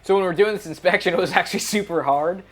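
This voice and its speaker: A man in his thirties in casual chat, telling behind-the-scenes stories in an animated way and acting out quotes. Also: high voice, rapid-fire, soft background music. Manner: animated storyteller, acts out quotes loudly.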